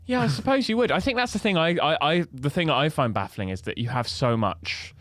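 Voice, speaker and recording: A man's voice: fairly high pitch, lively intonation, brisk, fairly bright tone, dry recording, studio quality. A man hosting a podcast, enthusiastic and teasing, often restarting his sentences. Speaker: podcast host. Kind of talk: casual chat.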